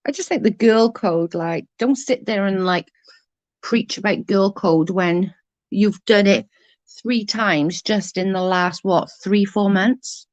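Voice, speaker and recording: A woman's voice: mid-range voice, slow pace, dry recording, muffled recording. A woman in her forties with a Newport Welsh accent, ranting casually in a blunt, sweary and sarcastic way. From Wales. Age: 40s. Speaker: vlogger.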